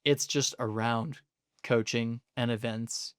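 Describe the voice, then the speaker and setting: A man's voice: medium pitch, fairly even intonation, slow, clean tone, no room sound, clean studio sound. Analytical young man hosting a podcast. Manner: thoughtful, analytical, laughs often. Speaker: podcast host. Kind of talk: casual conversation.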